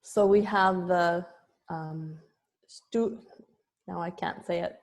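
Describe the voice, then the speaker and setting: A woman's voice: lowish voice, steady tone, slow, gravelly, a little mellow. A woman yoga teacher giving an online lesson, explaining terms patiently with small restarts.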